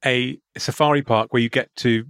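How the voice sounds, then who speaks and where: A man's voice: medium pitch, normal speed, clear, resonant tone, no echo. Rambling man, dry close mic. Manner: rambling, deadpan absurd riffs, frequent restarts. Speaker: podcast co-host. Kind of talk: comedic banter.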